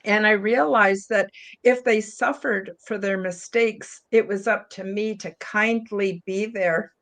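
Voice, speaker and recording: A middle-aged woman speaking on a spiritual panel discussion, emotional and near tears, apologizing and talking warmly with many fillers. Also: mid-range voice, steady tone, a little slow. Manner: heartfelt, apologetic, chatty with fillers. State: tearful, emotional. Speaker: panel guest.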